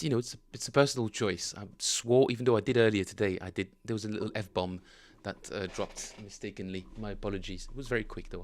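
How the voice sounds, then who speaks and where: Man, casual livestream chat, bass teacher, low-ish voice, rambling, lots of ums. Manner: rambling, many fillers and self-corrections. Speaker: bass player streaming his practice.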